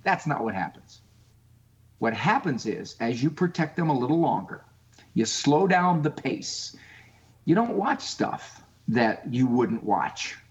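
Guesting as a psychologist on a call-in radio show, a man speaks in a mid-range voice at an unhurried pace. He is animated and emphatic and acts out quotes, and the sound is lo-fi.

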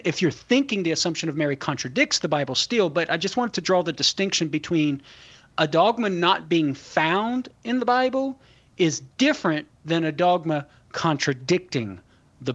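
A man's voice: a little high, big pitch swings, moderate pace, a bit bright, highs cut off. A man answering a caller's question on a talk show, laying out his points methodically and in a friendly way. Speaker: Catholic apologist guest.

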